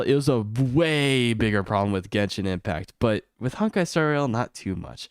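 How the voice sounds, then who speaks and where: Smooth-voiced man ranting, exasperated. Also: big pitch swings, moderate pace, no room sound, clean studio sound. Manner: exasperated, swearing rant that climbs high when heated. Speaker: gaming streamer. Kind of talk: unscripted ranting stream commentary.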